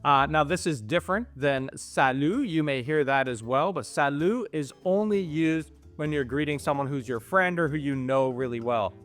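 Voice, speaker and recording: A man's voice: on the high side, moderate pace, hardly any pauses, fairly bright tone, faint music behind. A middle-aged man from Canada, explaining travel phrases in an easygoing, casual chat. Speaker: travel vlogger.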